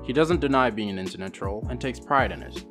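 A man giving scripted narration for a video compilation in a plain, even manner. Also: medium pitch, a little fast. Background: guitar music.

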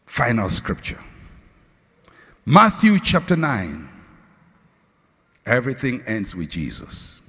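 A middle-aged man with a Ghanaian accent preaching a sermon, swinging between shouts and hushed tones. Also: medium pitch, huge pitch swings, slow pace, long pauses, breathy edge. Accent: Ghanaian English. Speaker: pastor. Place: large church hall. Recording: reverberant hall.

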